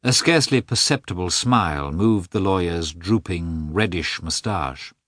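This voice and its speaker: A man narrating a classic novel with an expressive, scripted delivery. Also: deep voice, measured pace, no room sound, studio quality. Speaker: audiobook narrator.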